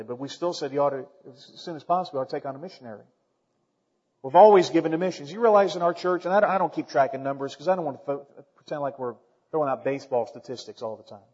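A man's voice: a little high, a little mellow, slightly rough. A man preaching a sermon as pastor, plainspoken and emphatic, building to fervent peaks. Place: church sanctuary. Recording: muffled church recording with long reverb.

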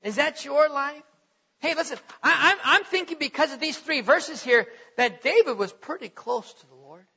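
A man preaching a sermon who reads scripture aloud and asks his listeners direct questions, swinging between soft questioning and loud, earnest declaring. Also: very high voice, lively intonation, moderate pace, gravelly. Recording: echoey hall, dull lo-fi sound.

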